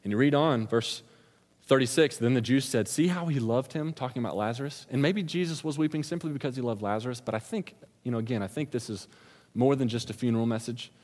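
A man's voice: medium pitch, fast talker, a little mellow. A man preaching a sermon, retelling the scripture story in a casual, slangy storytelling manner. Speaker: pastor. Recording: long reverb of a large hall.

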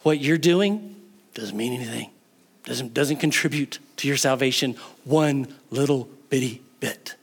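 A man's voice: mid-range voice, unhurried, vocal fry, slightly rough. A man preaching a sermon in church as pastor, earnest, mixing jokes into his teaching and rising in volume for emphasis. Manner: earnest preaching with joking asides, swells louder in emphasis. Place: church sanctuary.

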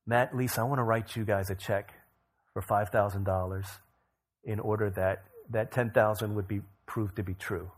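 Husky, low-voiced male pastor telling a story. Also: moderate pace. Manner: energetic storyteller who rises in pitch and volume for emphasis, then drops low. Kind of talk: sermon storytelling.

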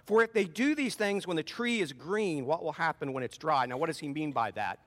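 A man's voice: a little high, animated, a little fast, a bit bright. A man preaching a sermon, reading scripture aloud with rising emphasis and then explaining it plainly. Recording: long hall reverb.

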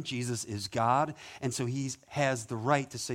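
A man preaching a sermon as pastor, conversational and animated, with playful asides. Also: medium pitch, moderate pace.

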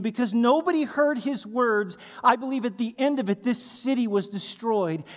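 High-voiced pastor preaching in a big hall. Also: male voice. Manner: animated, emphatic, asks the congregation to fill in blanks. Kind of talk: sermon. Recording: long hall reverb.

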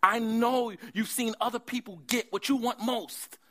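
A man's voice: very high voice, steady tone, unhurried, sharp tone, pitched above the performer's own voice, heavily acted. A man voicing God's messenger, consoling at first and building to emphatic promises. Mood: rousing. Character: God's messenger, comforting and rousing.

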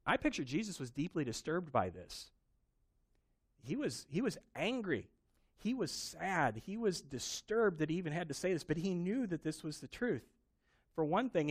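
A man preaching a sermon, telling a Bible story with animated emphasis. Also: a little high. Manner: animated storytelling, acting out quoted voices. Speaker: pastor.

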